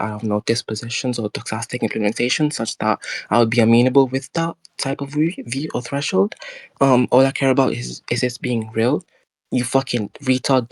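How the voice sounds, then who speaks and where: A man's voice: mid-range voice, no echo. A man with a noticeable accent in a heated online debate, packing his arguments with dense philosophical jargon and hurling profane insults at his opponent. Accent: non-standard English accent.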